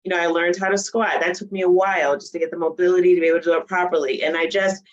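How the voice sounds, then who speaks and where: A woman in her forties telling her story in a casual interview, animated and laughing often. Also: on the low side, very fast, lo-fi sound. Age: 40s. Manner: animated, laughs often, acts out quoted voices. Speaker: guest, bodybuilding coach.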